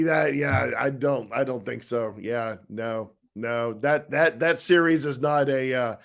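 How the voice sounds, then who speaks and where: Middle-aged male co-host, relaxed and rambling, chatting live with viewers, plenty of restarts. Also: mid-range voice. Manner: easygoing, rambling, with frequent restarts and laughs. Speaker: co-host of a live chat show, husband of the author. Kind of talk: casual live-stream chat reading viewer comments.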